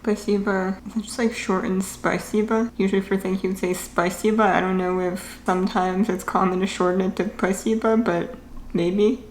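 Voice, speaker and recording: A woman's voice: mid-range voice, steady tone, moderate pace. A young woman hosting a reaction video, chatting casually and thinking aloud with fillers as she comments on clips. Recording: echoey room with faint hum.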